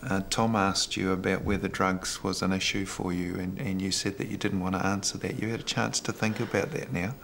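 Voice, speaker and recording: A man, facilitating a family meeting with gentle, measured questions. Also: sits low, little pitch movement, vocal fry, a little hiss or hum. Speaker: conference facilitator. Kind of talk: calm mediation talk.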